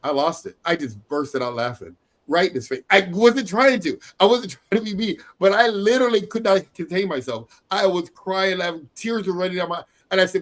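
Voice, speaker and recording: A middle-aged man coaching a sales team in a motivational training talk. His voice sits a little high for a man, and he drives his points home through repetition, with frequent chuckles. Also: expressive, normal speed, fairly bright tone. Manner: emphatic, repetitive, laughs often.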